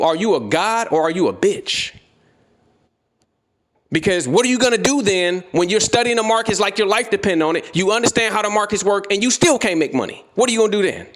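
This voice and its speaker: A man giving a blunt, profane motivational rant as a trading educator, repeating his points and confronting the listener directly. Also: on the high side.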